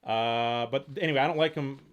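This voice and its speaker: Excitable man rambling through a live Q&A. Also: medium pitch, muffled recording, slight background noise. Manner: rapid, rambling, jumps between thoughts; reads chat comments aloud and reacts excitedly. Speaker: host of outdoor gear channel. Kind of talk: casual live-stream Q&A.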